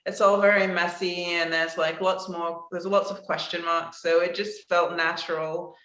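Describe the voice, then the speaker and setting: An author answering as a guest in a panel talk, relaxed and plainspoken. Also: medium pitch, moderate pace. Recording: echoey room sound.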